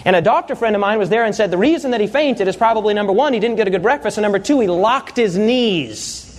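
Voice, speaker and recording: A man's voice: high-pitched, expressive, fast. A pastor preaching a sermon, telling humorous stories and quizzing his congregation.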